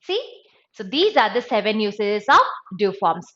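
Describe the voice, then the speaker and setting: A woman's voice: medium pitch, lively intonation, moderate pace, fairly bright tone, highs cut off. A woman teaching an English grammar lesson, explaining step by step and stressing each example sentence.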